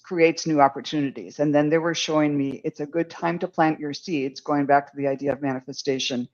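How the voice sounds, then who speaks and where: An older man delivers a live psychic reading in a soft, rambling way, his voice pitched a touch high. The sound is dull and lo-fi, like a low-quality stream feed. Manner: rambling, gentle, giggly. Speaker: psychic medium.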